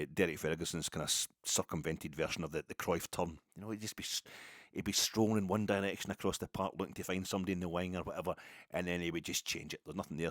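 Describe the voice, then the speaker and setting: Scottish man with a low, dry voice. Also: no room sound. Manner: rambling, self-mocking, frequent restarts. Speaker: podcast host. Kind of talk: casual storytelling.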